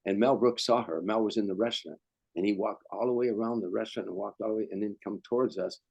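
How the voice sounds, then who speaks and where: A man's voice: on the low side, quick pace, vocal fry, darkish tone, breathy edge, no echo, dull audio. An older male comedian telling anecdotes as a guest, rambling and restarting sentences. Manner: rambling, repeats words, restarts. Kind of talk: anecdotal storytelling.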